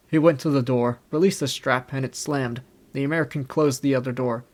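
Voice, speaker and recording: A man in his twenties reading a classic novel aloud in steady, measured narration. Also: mid-range voice. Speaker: audiobook narrator. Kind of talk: scripted narration.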